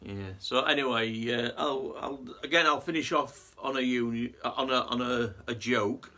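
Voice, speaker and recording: A man's voice: medium pitch, moderate pace, sharp tone. A man vlogging in a casual monologue, earnest and rambling with frequent restarts.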